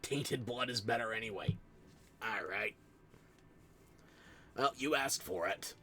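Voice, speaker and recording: Speaking into a close desk mic while playing a game on stream, a man banters casually with his viewers in a playful, self-deprecating way. His voice is mid-range and sharp in tone, and he talks slowly.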